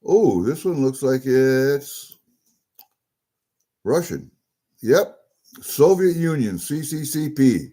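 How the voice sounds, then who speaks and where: This coin vlogger's medium-pitched, warm voice swings widely in pitch, and he speaks slowly with long pauses. In a casual unboxing, he shows and talks through coins from a package he's just opened, chatty, easily delighted, and muttering to himself.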